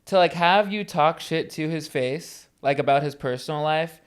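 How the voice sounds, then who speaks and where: A man's voice: a little high, moderate pace, clear, resonant tone. A man hosting a podcast, chatting casually and rambling with lots of "like". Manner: rambling, filler-heavy reactions. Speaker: podcast host. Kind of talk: casual chat.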